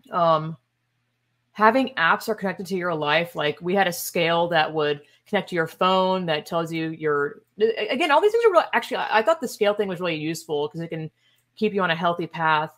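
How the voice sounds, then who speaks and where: Expressive and a bit bright, this woman's low-leaning voice moves at normal speed as she hosts a podcast. Her casual commentary is sarcastic, exasperated, emphatic and opinionated, laced with scoffing asides.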